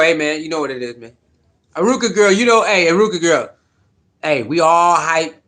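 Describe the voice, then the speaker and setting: A man hosting a casual sports livestream, talking in an animated, repetitive, slangy way and greeting viewers in the chat by name. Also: sits high.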